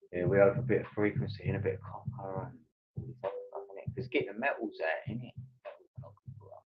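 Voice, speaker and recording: A man's voice: low-pitched, a little fast, pauses often, crowd noise. A man hosting a livestream, chatting casually in a loose, meandering way. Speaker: livestream host. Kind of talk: casual chat. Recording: dull lo-fi stream audio.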